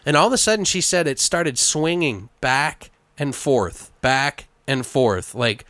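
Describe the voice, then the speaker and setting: A man hosting a podcast, telling a story in casual chat, animated and trying not to swear. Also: mid-range voice, a little slow, no room sound. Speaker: podcast host.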